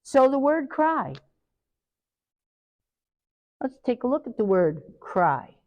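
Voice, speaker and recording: Trainer, middle-aged woman, animated lecture to a room, acts out quotes. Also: sits high, slow, lo-fi sound. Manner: animated, acts out parents and children in quoted voices. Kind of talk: training talk to a live group.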